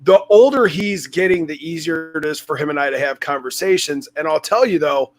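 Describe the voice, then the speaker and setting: A man's voice: fairly high pitch, a little fast. A man in his forties hosting a podcast, talking frankly and conversationally and swearing freely. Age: 40s. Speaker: podcast host. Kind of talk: casual interview talk.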